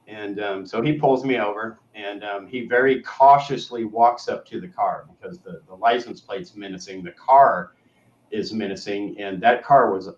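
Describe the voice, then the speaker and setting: A man's voice: on the low side, normal speed. A man co-hosting a show, telling a story in a rambling casual way that often trails off to a murmur. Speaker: co-host. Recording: roomy, distant, dull lo-fi sound.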